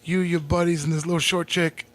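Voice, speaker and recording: A man's voice: a little high, flat delivery, a little fast. A man from Texas, a comedian and podcast co-host, telling profane stories in casual chat and laughing often. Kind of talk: casual storytelling.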